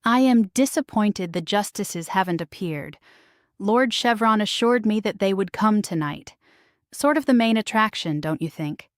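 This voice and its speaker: A woman's voice: medium pitch, expressive, unhurried, no echo, studio quality, natural voice. A woman voicing a gaudy, gossiping noblewoman who speaks in a fake English accent, in a storybook reading. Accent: put-on English. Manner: gossiping, secretive.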